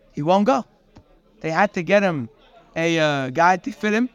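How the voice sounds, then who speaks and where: A man giving a daily morning Torah class, telling the story in an animated way and dropping in Hebrew terms. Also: on the high side, moderate pace, long pauses, clear, resonant tone, no room sound. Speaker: Torah teacher.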